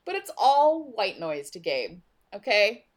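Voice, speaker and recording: A woman's voice: mid-range voice, slow pace. A woman co-hosting a podcast, retelling a book scene in casual chat and using "like" a lot. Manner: animated storyteller, uses "like" a lot. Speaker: podcast co-host.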